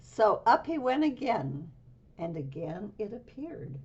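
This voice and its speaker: Slow breathy woman reading a storybook. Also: medium pitch, dull audio. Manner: expressive, unhurried reading. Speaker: storybook reader. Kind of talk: children's read-aloud.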